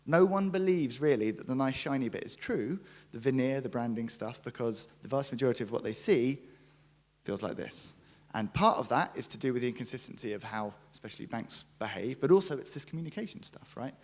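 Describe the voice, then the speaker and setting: A young man giving a conference talk, jokey and lively, acting out quotes as he tells stories. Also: mid-range voice, a little fast. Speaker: conference speaker, brand writer. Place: conference stage.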